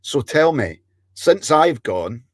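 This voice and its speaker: A man hosting a casual interview chat, teasing his guest and halting over his questions. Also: on the high side, very animated, husky, dry recording. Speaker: host.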